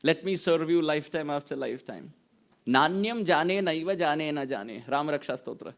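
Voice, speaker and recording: A man's voice: on the high side, animated, moderate pace, gravelly. A man giving a devotional sermon, telling stories expressively and reciting Sanskrit verses. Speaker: preacher.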